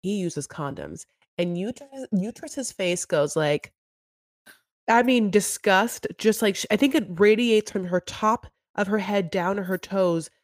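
A woman's voice: medium pitch, a little slow, dry recording. A woman co-hosting a podcast, chatting casually in an emphatic, sassy way and drawing out her stresses. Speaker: podcast co-host. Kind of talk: casual chat recapping a reality show.

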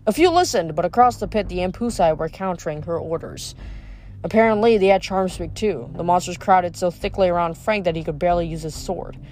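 A reader narrating a novel aloud at a steady, even pace, with small slips corrected on the fly. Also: medium pitch, fairly quick, slight background noise. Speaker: audiobook reader.

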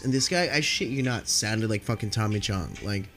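A man's voice: on the low side, expressive, normal speed, fairly bright tone, soft background music. Sniffly, laid-back storytelling man. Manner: rambling, laid-back, heavy swearing and fillers. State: sniffly from allergies. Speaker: night-shift store clerk telling work stories. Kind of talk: casual storytelling.

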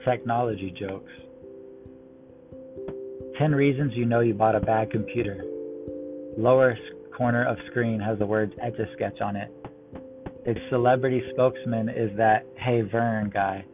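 A man reading a run of one-liner jokes in a deadpan way. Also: on the low side, a little slow, pauses often. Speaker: joke teller. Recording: tinny phone-like line with music behind. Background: music.

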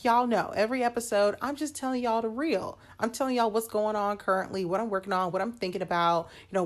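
A young adult woman hosting a solo podcast, chatting candidly and calling her listeners "y'all" and "honey". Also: mid-range voice. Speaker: podcast host. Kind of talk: casual solo podcast talk.

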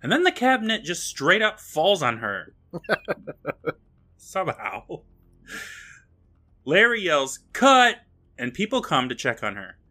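A man co-hosting a podcast, retelling an episode with a lively, animated delivery and a fairly high voice. His tone is bright and forceful. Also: a little slow, pauses often. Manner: lively retelling with frequent laughs. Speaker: podcast co-host. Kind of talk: casual recap and chat.

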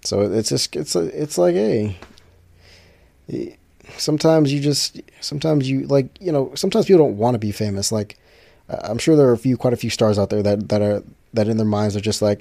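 A man's voice: mid-range voice, a little fast, creaky, warm tone, dry recording. A man chatting casually to his viewers, rambling with frequent restarts and fillers.

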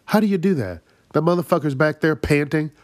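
A man with a fairly high voice talks fairly quickly on a dry recording. He hosts his own comedy podcast, delivering a solo rant in exasperated, profane bursts and laughing at his own jokes.

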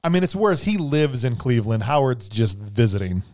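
A man hosting a casual movie podcast, animated and jokey, firing off quick rhetorical questions. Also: medium pitch. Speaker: podcast host.

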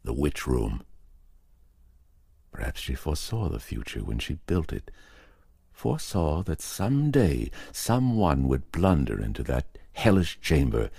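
A man's voice: extremely low pitch, huge pitch swings, measured pace, creaky, dark tone, husky, dry recording, studio quality, heavily acted. A man doing a grave, ominous occult investigator. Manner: solemn, pleading and ominous. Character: intense male occult investigator, grave and urgent. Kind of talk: audiobook character reading.

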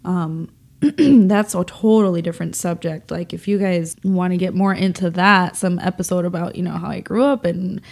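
A woman's voice: lowish voice, fairly even intonation, normal speed, vocal fry, darkish tone. A young woman speaks on her own podcast, her voice nasal from holding back tears. She rambles in a confessional way, full of fillers and restarts as she works through her feelings. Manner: emotional, rambling, many fillers. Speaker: podcast host.

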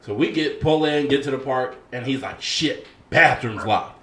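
Bright man telling a story, echoey room. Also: moderate pace. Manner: laid-back storyteller, quotes others in a low voice. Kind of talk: casual chat.

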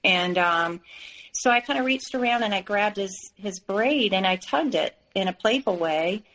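Brief: woman guest, mid-pitched, frank chatty storyteller, lots of fillers. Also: lively intonation, measured pace, fairly bright tone, low-quality recording. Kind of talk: personal story in an interview.

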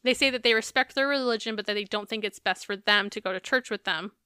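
A woman co-hosts a podcast recapping a reality show, talking fast in a mid-range, sharp, clean voice. The chat is casual and profane, and she laughs as she goes. The recording is dry, with clean studio sound.

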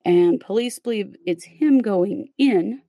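A woman's voice: mid-range voice, expressive, slow, dark tone, no echo. A woman hosting a podcast, telling a true crime case in a casual, step-by-step way with fillers. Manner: conversational, recounts events step by step with fillers.

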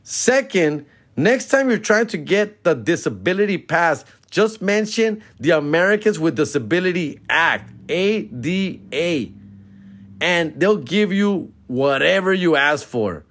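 A man's voice: fairly high pitch, animated, unhurried, fairly bright tone, no echo. A man, a comedian hosting his own podcast, chatting casually in a laid-back, profane, slang-heavy way into a close mic. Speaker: stand-up comedian and podcast host. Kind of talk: casual solo podcast chat.

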